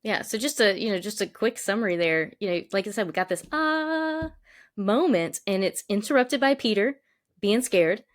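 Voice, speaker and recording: A woman co-hosting a Bible lesson, talking in a relaxed, conversational way and summing up points. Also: medium pitch, a little fast. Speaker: Bible teaching co-host. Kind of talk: casual teaching discussion.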